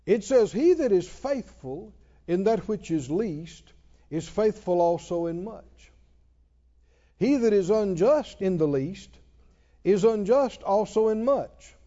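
A middle-aged man preaching with a high, swinging voice that climbs into loud, emphatic exclamations. His tone is mellow and a little dark. The recording sounds dull and muffled. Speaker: pastor. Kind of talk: sermon.

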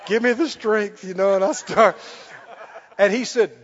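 A man preaching a sermon, telling a story with laughs and loud bursts of prayer. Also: sits high, measured pace. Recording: dull lo-fi sound with long hall reverb.

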